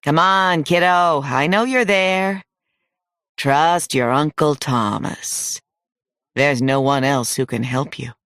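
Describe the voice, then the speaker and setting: A middle-aged hunter calling out in a sweet, coaxing voice that hides menace, as a male audiobook narrator puts him on. He stretches his words slowly and climbs high when he pleads. The sound is close and dry. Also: a bit bright, dry recording. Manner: coaxing, slow and sweet-talking. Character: middle-aged man, falsely gentle hunter. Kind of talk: audiobook character reading.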